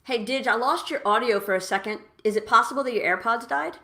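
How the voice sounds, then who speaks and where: A woman hosting a live podcast, upbeat and smoothly filling time while her guest reconnects. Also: on the high side, brisk, sharp tone. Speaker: podcast host.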